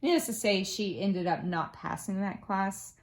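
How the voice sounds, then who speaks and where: A woman's voice: mid-range voice, measured pace. A woman in her forties chatting casually in a crafting vlog, rambling through stories with lots of ums and uhs. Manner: rambling storyteller with many fillers. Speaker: crafting vlogger. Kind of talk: casual chat.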